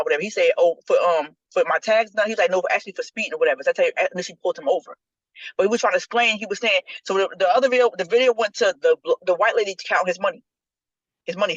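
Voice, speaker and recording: A woman's voice: medium pitch, breathy edge, dry recording. A woman co-hosting a podcast, retelling a story in casual group chat and acting out what people said. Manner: animated storyteller acting out quotes. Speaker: podcast co-host. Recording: dull lo-fi dry recording.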